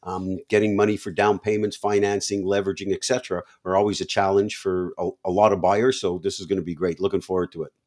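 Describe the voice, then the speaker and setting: A man co-hosting a business talk show, thinking aloud with a rambling, halting manner. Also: sits low, little pitch movement, darkish tone. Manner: thoughtful, rambling with fillers. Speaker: co-host. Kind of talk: casual video podcast talk.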